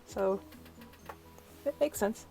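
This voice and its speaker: A woman's voice: mid-range voice, takes it slowly, creaky, dark tone, faint music behind, poor audio. A young woman tarot reader, chatting through a first look at an oracle deck and filling her talk with "like". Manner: chatty, uses "like" a lot; gushing, easily delighted.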